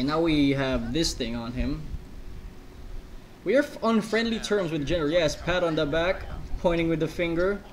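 A man chatting over his gameplay, rambling on with joking asides in a fairly high voice. A faint hiss of noise runs under the recording. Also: poor audio. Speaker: let's play host. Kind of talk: casual gameplay commentary.

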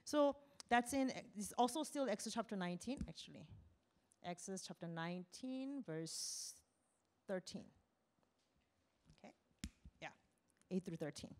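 A woman missionary preaching a lively sermon, asking the congregation questions, acting out voices and dropping to a whisper for emphasis. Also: medium pitch, unhurried, long pauses. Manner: animated, asks the congregation questions, acts out quotes.

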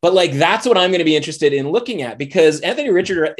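A man analyzing football bets in a casual, animated podcast chat, peppering his talk with "like" and "right?". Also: fairly high pitch, quick pace. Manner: animated, conversational, lots of "like" and "right?". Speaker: betting analyst.

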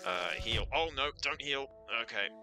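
A man's voice: medium pitch, lively intonation, moderate pace, music in the background. A man chatting casually as he streams a video game, reacting aloud and laughing often. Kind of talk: casual live gameplay commentary.

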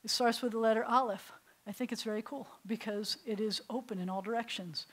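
Middle-aged lady rabbi teaching hebrew in a classroom, kinda high voice, patient, drills letters with the students. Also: steady tone, a bit bright, low-quality recording. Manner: patient, playful, sounds out syllables slowly. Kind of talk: classroom language lesson.

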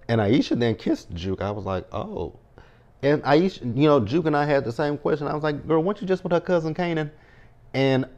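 A man's voice: fairly low pitch, a little mellow. A man hosting a casual TV episode recap, retelling scenes in a chatty way, often tagging "right?" and swearing as he reacts. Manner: swears, slips into quoted reactions. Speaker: TV recap host.

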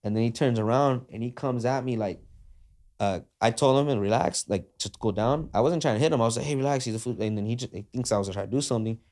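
Talking fast with a medium-pitched, darkish voice, this man tells a story as a guest on a podcast. His speech is slangy and loose, crowded with "like" and "uh," and he performs the dialogue he quotes.

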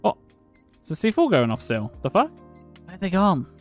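Excitable, mocking young game admin man. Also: high voice, moderate pace, faint music behind. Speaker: game server admin streamer. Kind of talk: gameplay commentary and trolling players.

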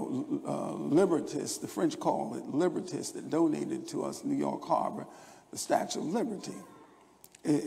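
Older male pastor, high gravelly voice, rambling sermon storytelling, echoing church hall. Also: darkish tone. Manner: rambling storytelling with stammered restarts. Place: church sanctuary. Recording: long church hall reverb.

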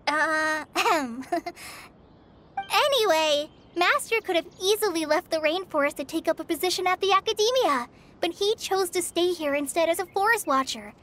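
A woman voicing a sweet, shy young female forest ranger trainee in a video game, talking gently and stammering when flustered. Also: very high voice, normal speed. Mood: cheerful. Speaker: game character. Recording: game cutscene with faint music.

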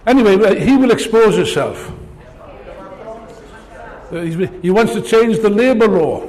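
Older guy giving a fiery speech, high voice swinging up and down a lot, big hall echo. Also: lively intonation, unhurried, darkish tone. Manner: sarcastic, rousing, rhetorical questions. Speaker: political speaker. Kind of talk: political speech.

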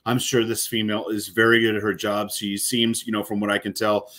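Man, lowish voice, casual reaction commentary, rambling, lots of fillers. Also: little pitch movement, brisk, fairly bright tone. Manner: rambling, many fillers and restarts. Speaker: corrections officer reacting to a video.

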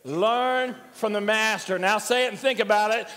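A man's voice: high-pitched, moderate pace, bright, forceful tone. An older man preaching a sermon as pastor, conversational and joking as he tells stories. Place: church sanctuary. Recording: church hall reverb.

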